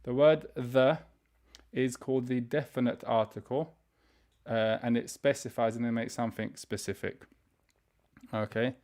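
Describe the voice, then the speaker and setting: A man's voice: medium pitch, fairly even intonation, a little mellow. Man teaching a vocabulary lesson. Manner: explains step by step, reads words slowly for repetition; frequent fillers and restarts, conversational. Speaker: Arabic teacher. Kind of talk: online grammar and vocabulary lesson.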